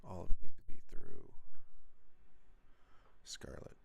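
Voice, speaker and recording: A man with a deep, gravelly voice talks to himself through a live editing session. He mutters and curses under his breath as he works, over a faint hiss in the background. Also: animated, measured pace. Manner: mutters to himself, swears when frustrated. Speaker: video editor streaming a live edit. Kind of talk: live-stream self-talk while working.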